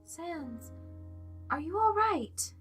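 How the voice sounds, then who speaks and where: Toriel, a woman doing a soft, motherly monster lady. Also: sits high, lively intonation, normal speed, soft background music, pitched above the performer's own voice. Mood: caring. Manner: soft, formal, motherly concern. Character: gentle motherly female goat monster, caring.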